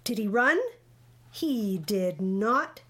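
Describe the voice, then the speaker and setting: A woman reading a rhyming picture book aloud in a rhythmic, expressive way. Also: medium pitch, drawn-out words. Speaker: storybook reader.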